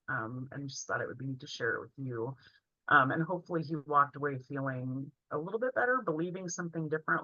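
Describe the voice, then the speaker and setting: A woman's voice: a bass voice, bright, forceful tone, no echo. A woman in her forties telling a heartfelt personal story in an earnest way while presenting a training session. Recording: dull, lo-fi, dry sound.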